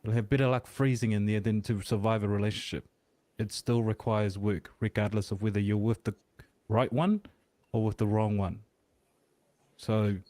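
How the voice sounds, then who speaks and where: Low-voiced guy on a podcast hammering his point home, dry close sound. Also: a little mellow, dry recording. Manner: emphatic, lecturing. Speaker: podcast guest. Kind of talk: casual podcast discussion.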